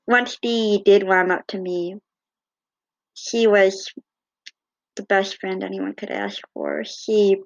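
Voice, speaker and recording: A woman telling fond, gently humorous personal stories in a casual way. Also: medium pitch, muffled recording. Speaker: cat owner.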